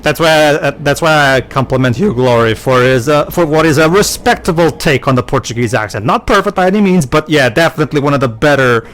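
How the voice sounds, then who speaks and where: Halting, chatty male co-commentator. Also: on the high side, expressive, fairly bright tone, a little hiss or hum. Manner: halting, restarting sentences as he works out a point. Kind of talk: casual let's-play commentary.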